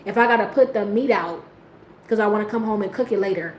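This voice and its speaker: Talking fast, a woman host rambles through a casual chat in heavy slang, laughing often and squealing high when quoting herself, then letting her words trail off quietly. Faint ambient noise and room echo surround the recording.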